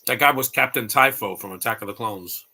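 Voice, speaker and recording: A man's voice: medium pitch, a little fast, pushed and bright. A man hosting a casual live movie commentary, rambling and opinionated with blunt asides.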